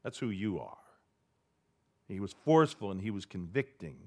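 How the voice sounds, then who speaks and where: Animated preaching man, wide pitch swings. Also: moderate pace. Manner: dramatic preaching with sudden swings from loud to hushed. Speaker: pastor. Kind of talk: sermon.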